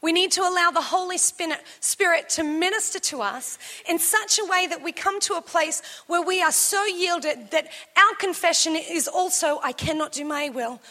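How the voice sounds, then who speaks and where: Woman pastor in her thirties, high bright voice, animated sermon delivery. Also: normal speed, few pauses. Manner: animated storytelling, shouting in the story. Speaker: preacher. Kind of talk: sermon with personal story.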